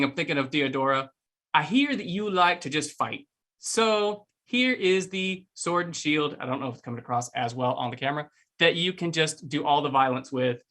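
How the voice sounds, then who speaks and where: A man from the cast reading a sponsor ad in a playful, teasing way, with quick asides. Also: on the high side, pushed and bright. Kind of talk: jokey ad read.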